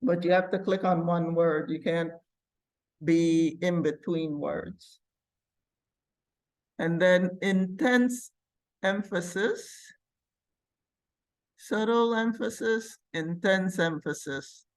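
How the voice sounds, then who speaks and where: Slow, patient woman teaching a computer class. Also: on the low side. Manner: patient, thinks aloud while clicking. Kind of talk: live classroom software demonstration.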